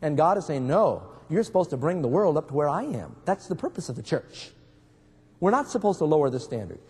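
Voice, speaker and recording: A man preaches in a somewhat high, husky voice, weaving stories into his sermon and throwing questions to the congregation. His words ring out with a long reverb, as in a large church hall. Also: very animated, brisk, darkish tone. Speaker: pastor.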